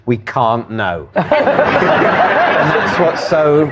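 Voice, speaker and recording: A man's voice: on the high side, wildly swooping pitch, extremely slow, muffled recording, heavy background noise. A man, a team captain on a comedy panel show, with a wry, dry sense of humour. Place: TV studio with live audience. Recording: loud studio audience behind.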